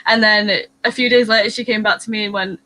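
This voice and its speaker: A woman shares a self-deprecating story on a casual livestream. Her voice is bright and sharp, sitting at an average pitch. She tells the story plainly and pokes fun at herself. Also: steady tone, brisk, poor audio. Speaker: livestream co-host.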